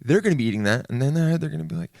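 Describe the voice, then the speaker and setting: A man's voice: a little high, lively intonation, rapid-fire, gravelly, a little mellow, no echo, studio quality. A young man hosting a solo podcast, rambling through a comedic rant and slipping into mocking put-on voices of other people. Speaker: podcast host.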